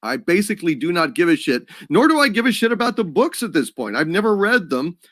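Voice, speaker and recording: A man co-hosts a live stream and talks in a blunt, profane way. His voice is fairly high and swings widely in pitch. The recording is dry. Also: very animated, fairly quick, fairly bright tone, dry recording. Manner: blunt and profane, with sudden laughs. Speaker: co-host. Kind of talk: casual live stream chat.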